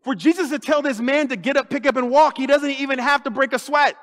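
A man with a high-pitched voice preaches an animated sermon, slipping into comic voices as he acts out little scenes. His words ring with a long church reverb. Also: fast. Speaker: lead pastor. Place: church sanctuary.

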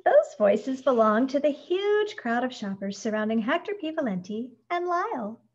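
A woman narrating a children's storybook in a gentle, expressive read-aloud. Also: sits high, normal speed. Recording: dull lo-fi recording.

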